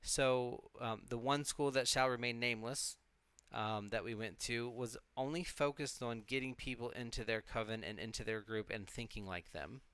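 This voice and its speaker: A man's voice: medium pitch, normal speed, fairly bright tone, clear, resonant tone, dry recording. A man co-hosting a live stream, talking in a loose, reflective way, swearing freely and restarting his sentences often. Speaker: co-host of a live witchcraft stream. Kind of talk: casual rambling talk.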